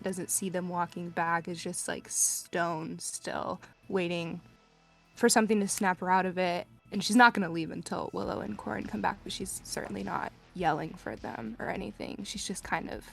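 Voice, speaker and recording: A woman player describing her character's actions in casual tabletop role-play, earnest and halting. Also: lowish voice, vocal fry.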